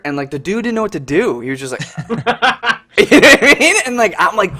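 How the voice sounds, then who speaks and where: A young man co-hosting a casual podcast chat, telling stories with lots of fillers, swearing and animated quoted voices. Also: high-pitched, brisk. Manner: animated, swearing, lots of "like" and "you know what I mean". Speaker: podcast co-host.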